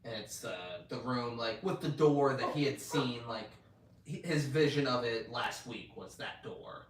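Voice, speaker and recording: A man co-hosting a casual recap podcast, retelling scenes with lively acted-out quotes and frequent swearing. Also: medium pitch, a little slow. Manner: animated retelling, acts out quoted lines, swears often. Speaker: podcast co-host. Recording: roomy echo, mic at a distance, faint noise.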